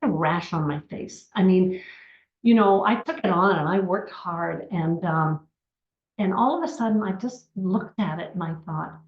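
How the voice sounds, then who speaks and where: A woman's voice: lowish voice, moderate pace. A woman in her sixties telling her personal story in a chatty way, with many asides and restarts. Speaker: network marketing distributor. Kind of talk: personal testimony talk. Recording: roomy, slightly dull recording.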